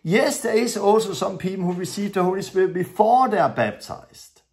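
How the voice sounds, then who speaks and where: Earnest preacher with English. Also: male voice, high-pitched, moderate pace, a little mellow. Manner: earnest, storytelling, non-native English with grammar slips. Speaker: preacher teaching a lesson. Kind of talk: sermon-style teaching with stories.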